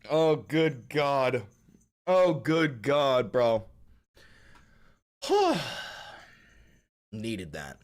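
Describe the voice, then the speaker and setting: A man ranting on a casual livestream, animated and profane, often laughing. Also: lowish voice. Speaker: streamer.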